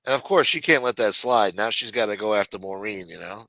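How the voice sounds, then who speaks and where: A man's voice: mid-range voice, expressive, brisk, few pauses, sharp tone, dry recording. A man hosting a livestream, chatting casually and profanely to his chat and acting out quotes as he retells stories. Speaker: livestream host.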